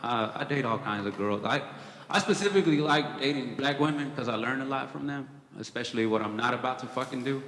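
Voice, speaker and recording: A man's voice: medium pitch, a little fast, background noise. Profane, dry-witted man doing stand-up. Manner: casual, profane storytelling with dry asides. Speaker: stand-up comedian. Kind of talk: stand-up comedy set. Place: comedy club stage before a live audience. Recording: echoey hall with audience laughter.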